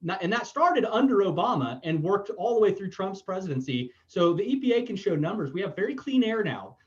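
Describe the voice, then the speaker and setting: Fast, lively man on a dull lo-fi line. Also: high-pitched. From Florida. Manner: blunt, emphatic, swears freely. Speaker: podcast host. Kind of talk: casual political chat. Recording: dull lo-fi sound.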